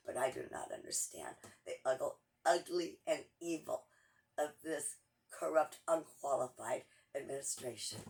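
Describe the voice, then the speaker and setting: Angry, gravelly woman ranting. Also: low voice, animated, normal speed, a little mellow, slight background noise. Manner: angry, pleading, urgent, repeats phrases. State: frustrated. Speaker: political commentator. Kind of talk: impassioned political monologue.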